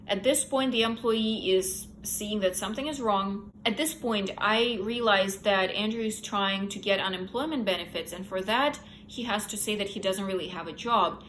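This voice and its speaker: A woman's voice: mid-range voice, normal speed, hardly any pauses, a bit bright, low-quality recording. Young woman casually recapping a book plot, blunt opinions, faint noise in the background. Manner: candid, opinionated plot retelling. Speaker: book reviewer. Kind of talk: casual book review chat.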